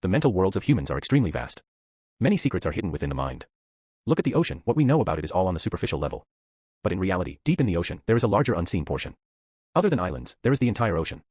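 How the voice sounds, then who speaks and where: A man voicing a calm female spirit medium in a storybook recap, speaking in soft, hypnotic guidance. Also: sits low, racing, breathy edge, dry recording, studio quality, heavily acted.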